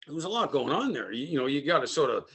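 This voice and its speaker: A man's voice: a little high, big pitch swings, fast talker, fairly bright tone, breathy edge. A French Canadian man from Canada telling a casual, rambling story, full of "eh" and "man" tags. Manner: rambling, frequent "eh" and "man" fillers. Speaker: podcast host.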